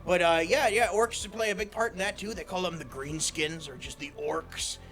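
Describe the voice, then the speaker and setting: A man co-hosting a comedic podcast, excitable and given to loud shouted bits. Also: high voice, moderate pace, faint music behind. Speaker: podcast co-host.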